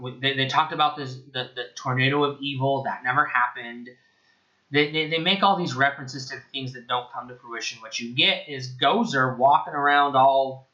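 A man's voice: mid-range voice, fairly quick, pushed and bright, highs cut off. A man giving a casual spoken film review, sarcastic and profane, rambling as he goes.

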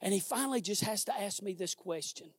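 A male pastor preaching a sermon in a conversational, exhorting way, swinging from hushed words to shouted emphasis. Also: high voice, animated, a little fast, breathy edge, dry recording, studio quality. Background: instrumental music underneath.

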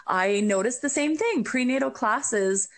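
A woman's voice: on the high side, lively intonation, measured pace. A woman who works as a doula, hosting a casual conversation in a thoughtful, rambling way. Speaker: podcast host, birth doula.

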